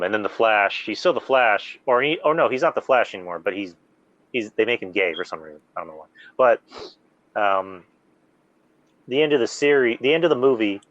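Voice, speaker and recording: A man hosting a casual podcast, rambling excitedly through story recaps with lots of fillers. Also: on the low side, no room sound, highs cut off. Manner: rambling, animated fan recounting plots with many fillers. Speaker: podcast host. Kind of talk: casual chat.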